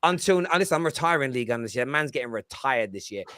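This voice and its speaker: A man's voice: medium pitch, lively intonation, fast talker, sharp tone, dry recording, clean studio sound. A man with a London accent, mixing Cockney and slang, hosting a football panel in casual chat, swearing freely and laughing at himself. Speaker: host of a football panel show.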